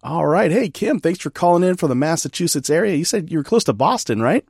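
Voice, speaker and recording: A man hosting a podcast interview, chatty and quick to laugh at himself in casual conversation. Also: fairly high pitch, expressive, vocal fry, a little mellow, slightly rough, dry recording, clean studio sound. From California. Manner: chatty, laughing, self-deprecating. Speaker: podcast host.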